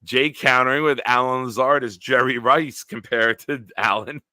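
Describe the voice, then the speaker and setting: A man's voice: medium pitch, fairly even intonation, moderate pace, bright, forceful tone, no echo. A young man hosting a sports podcast live stream, casually joking and reading out viewer comments. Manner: jokey, reads out viewer comments.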